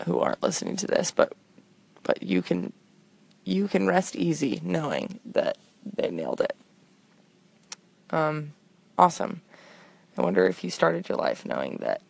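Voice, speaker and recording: A woman's voice: lowish voice, creaky, darkish tone. A young woman hosting a show, rambling through a comic voicemail in a chatty, self-deprecating way. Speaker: podcast host.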